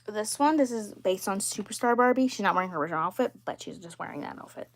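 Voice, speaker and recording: A woman chatting casually while showing her dolls, rambling with fillers and frequent throat clearing. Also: mid-range voice, lively intonation, fast. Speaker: doll collector livestreamer.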